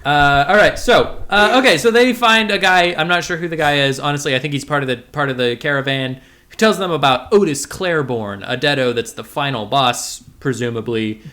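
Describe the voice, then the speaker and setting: A man's voice: fairly high pitch, moderate pace, pushed and bright. A man co-hosting a podcast, recapping a film in casual, joking chat with a sarcastic edge. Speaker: podcast co-host. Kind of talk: casual movie-review chat.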